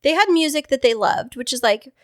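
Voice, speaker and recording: A cheerful woman co-hosts a podcast in relaxed chat, her voice a little high. She teases her partner lightly. The recording is dry and close. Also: a little fast, dry recording. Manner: cheerful, teasing. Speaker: podcast co-host. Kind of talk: casual chat.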